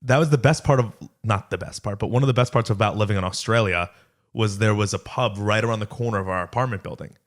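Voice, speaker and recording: Co-host, young adult man, lowish voice, loose rambling delivery. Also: fast talker. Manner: rambling, filler-heavy storytelling. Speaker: podcast co-host. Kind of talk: casual chat.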